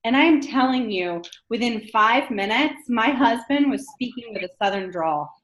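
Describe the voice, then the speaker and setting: A woman's voice: fairly high pitch, lively intonation, moderate pace, a bit bright. A woman lecturing a class in a conversational way, often checking in with the room by asking "right?". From northern United States. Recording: dull lo-fi lecture recording.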